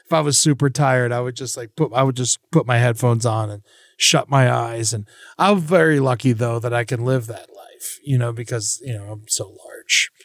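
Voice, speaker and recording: A man's voice: moderate pace, dry recording, clean studio sound. A man co-hosting a podcast, telling stories in casual chat and acting out quotes in a raised voice. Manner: animated storyteller, acts out quotes in a high voice. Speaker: podcast co-host.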